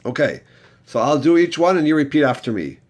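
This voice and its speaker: Fairly high-pitched yet darkish in tone, the man's voice is animated and a little fast. As a Torah reading teacher, he takes learners through a chanting lesson step by step, patiently coaching them and having them say it back after him.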